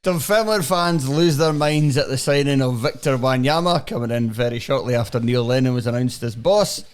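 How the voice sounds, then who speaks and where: A man's voice: mid-range voice, normal speed, clear, resonant tone. A man co-hosting a football podcast, reading out list items in a dry way. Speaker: podcast co-host.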